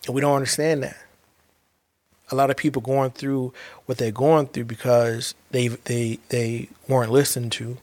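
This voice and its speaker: An earnest man speaks as a father in a heartfelt monologue, with a mid-pitched voice. He keeps circling back and restarting phrases, pressing his points with emphasis. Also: little pitch movement, moderate pace, a little mellow.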